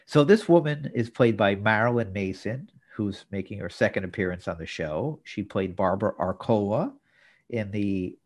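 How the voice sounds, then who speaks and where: A man's voice: fairly low pitch, animated, moderate pace. A man co-hosting a podcast, retelling a sitcom episode's plot in detail with dry asides. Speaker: podcast co-host. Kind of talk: casual episode recap.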